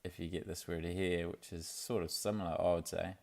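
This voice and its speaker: This is a young man, chatting to camera in a casual video diary. His voice sits very low and gravelly, with little rise and fall, and he rambles along easily with plenty of fillers. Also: level tone, brisk, darkish tone. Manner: laid-back and rambling, with many fillers and restarts. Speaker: vlogger.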